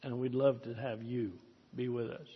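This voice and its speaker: A man's voice: mid-range voice, flat delivery, moderate pace, breathy edge. Male preacher, earnest and exhorting, muffled, dull recording with long reverb. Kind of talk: sermon with closing prayer.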